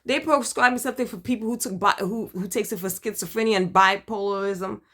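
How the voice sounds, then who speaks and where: A middle-aged woman from Brooklyn with a Brooklyn accent, chatting in a candid video diary, animated and dramatic, hyper and talkative. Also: fairly quick. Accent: Brooklyn, New York. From Brooklyn, New York. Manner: animated, dramatic, with emphatic swings in pitch and loudness. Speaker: vlogger sharing her cancer journey.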